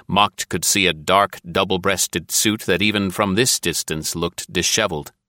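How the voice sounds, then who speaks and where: Deep-voiced male audiobook narrator. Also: steady tone, normal speed, sharp tone, no room sound, studio quality.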